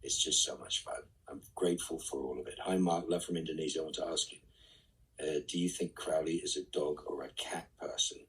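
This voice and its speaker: A man's voice: extremely low pitch, steady tone, fairly quick, slightly rough, recorded from a distance, rough recording. A middle-aged man reading fan questions aloud on a live stream and answering them with dry, wry quips. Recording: voice set back from the mic.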